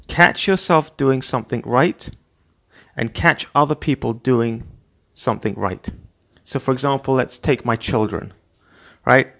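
Earnest middle-aged male host, motivational monologue, repetitive delivery, average pitch. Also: unhurried, creaky, fairly bright tone. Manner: earnest, repetitive, acts out scolding parent voices. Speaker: podcast host.

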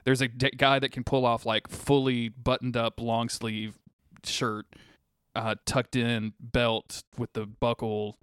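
A young man co-hosting a podcast, his voice mid-pitched and recorded dry and close. He rambles in casual chat, swears often and lets sentences trail off. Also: little pitch movement, slow pace, fairly bright tone, clean tone, dry recording. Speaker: podcast co-host.

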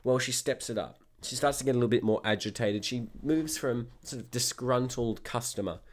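Animated man telling a story. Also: mid-range voice, brisk. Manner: animated, acting out dialogue. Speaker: tour guide. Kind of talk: storytime narration.

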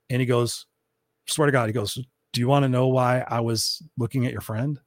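A man's voice: mid-range voice, fairly even intonation, a little fast, dry recording, clean studio sound. A man hosting a solo livestream, telling candid, profane stories with lots of fillers and restarts. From Southern California. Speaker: host. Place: room at home.

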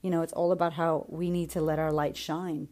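A woman with a slightly low, mellow voice talks straight to her listeners in a casual motivational monologue. She is blunt and swears freely, coaching like a friend who won't sugarcoat things. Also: little pitch movement, brisk. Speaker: podcast host and confidence coach.

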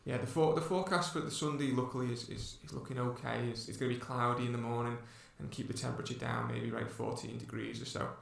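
Gravelly man in an echoey room. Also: mid-range voice, flat delivery, fast talker, few pauses. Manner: rambling, with many restarts and fillers. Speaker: podcast co-host and runner. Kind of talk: casual storytelling chat. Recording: echoey room, distant mic.

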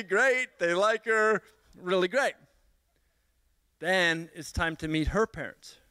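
High bright-voiced man telling a story. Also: smooth, no echo. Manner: animated storyteller, self-mocking, many restarts. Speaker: speaker at a church gathering. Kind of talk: humorous personal story in a sermon.

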